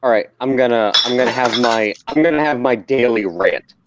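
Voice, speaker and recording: A man's voice: medium pitch, brisk, background noise. An American man co-hosting a podcast, delivering an angry, mocking rant full of swearing. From United States. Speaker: podcast co-host. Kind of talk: profane rant. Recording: dull lo-fi sound.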